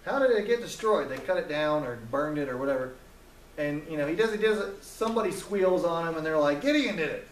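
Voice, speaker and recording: A man's voice: a little high, lively intonation, brisk, reverberant, distant mic, slight background noise, rough recording. A man teaching a Bible story in a casual, joking way, acting out the characters' lines as he retells it.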